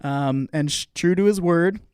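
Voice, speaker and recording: A young man with a smooth, clean, slightly high voice co-hosts a casual podcast. He spins long, rambling anecdotes and laughs often. The sound is close and dry. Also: measured pace, a little mellow, dry recording. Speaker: podcast co-host. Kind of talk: casual chat, storytelling.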